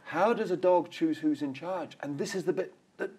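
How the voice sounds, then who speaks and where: A middle-aged man, a dog behaviour expert, talking as a guest in a casual interview. He is animated, acts out examples and laughs often. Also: fairly high pitch, normal speed, slight background noise.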